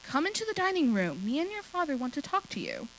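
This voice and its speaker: A woman reading a story aloud and voicing a calm, caring mother, gentle and matter-of-fact. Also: sits high, fast, a little hiss or hum, voice pushed up, low-quality recording.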